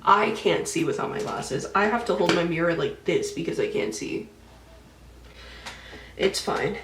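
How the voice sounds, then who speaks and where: A woman's voice: lowish voice, animated, measured pace, fairly bright tone, reverberant, far from the mic, slight background noise, rough recording. A woman doing a casual get-ready-with-me chat while doing her makeup, talking freely and swearing as she reads out and retells dreams. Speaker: beauty vlogger.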